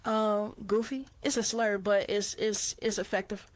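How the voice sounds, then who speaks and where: A woman's voice: medium pitch, measured pace, no room sound. A young woman from Chicago with a Chicago accent, chatting casually and slangily as an interview guest. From Chicago, USA. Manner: relaxed, slangy, laughs easily.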